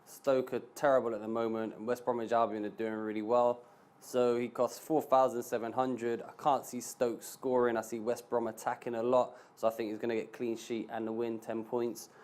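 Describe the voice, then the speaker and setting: A man, a stand-up comedian guesting on a sports panel, calmly explaining his fantasy football choices. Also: mid-range voice, moderate pace. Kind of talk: casual sports chat.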